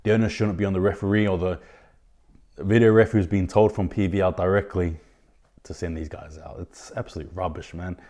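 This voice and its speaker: A man hosting his own rugby league podcast, giving indignant opinions in a ranting style, with sudden loud outbursts of disbelief. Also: deep voice, steady tone, a little fast. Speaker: podcast host. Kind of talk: opinionated sports commentary.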